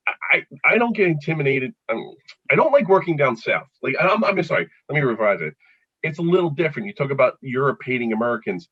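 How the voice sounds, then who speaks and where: A middle-aged Philadelphia comedian chats as a guest, telling jokey stories and laughing at his own lines. His mid-range voice is very animated, quick and slightly rough, with no echo, though the recording sounds dull and lo-fi.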